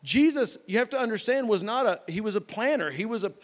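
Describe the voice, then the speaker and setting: A middle-aged man, preaching a sermon and telling a story, swinging from loud bursts to hushed retelling. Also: sits high, lively intonation, fast. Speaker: pastor.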